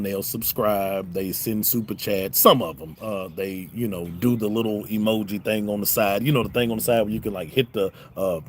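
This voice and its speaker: Smoking a cigar at home during a livestream, a middle-aged Southern-drawling YouTube host banters with his live chat in a relaxed way. His voice runs on the low side, with slight background noise.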